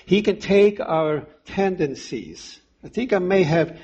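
A man in his fifties preaching a sermon, delivering it slowly and emphatically with deliberate pauses. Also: high-pitched, lively intonation, darkish tone, slightly rough, dull audio.

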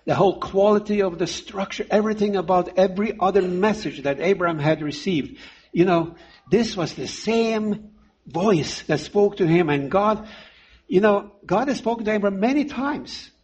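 A man in his fifties preaching a sermon, delivering it slowly and emphatically with deliberate pauses. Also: high voice, a little mellow, husky.

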